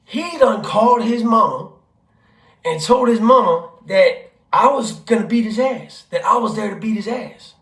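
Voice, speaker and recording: A man, a father, telling a family story in a casual vlog, animated and profane, acting out what people said. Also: high-pitched, measured pace, reverberant. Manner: animated, profane, acts out quotes. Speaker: vlogger, father.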